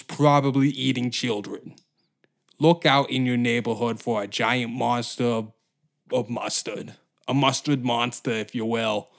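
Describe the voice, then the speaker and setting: A man's voice: mid-range voice, fairly even intonation, takes it slowly. A man hosting a solo comedy podcast, ranting in a crude, profane, rambling way. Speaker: podcast host.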